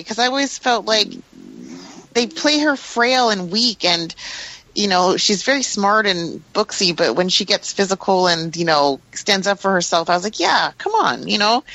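A woman's voice: medium pitch, sharp tone, no room sound, poor audio. A woman co-hosting a podcast in casual discussion, hesitant with many fillers and restarts. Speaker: podcast co-host.

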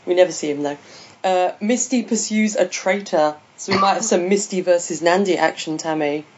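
A woman's voice: lowish voice, normal speed, muffled recording, background noise. A woman hosting a podcast, chatting casually and laughing often. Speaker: podcast host. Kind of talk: casual chat.

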